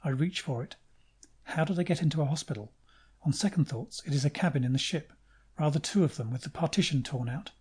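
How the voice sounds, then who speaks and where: Husky dark-voiced male audiobook narrator. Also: a little high, brisk. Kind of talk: first-person audiobook narration.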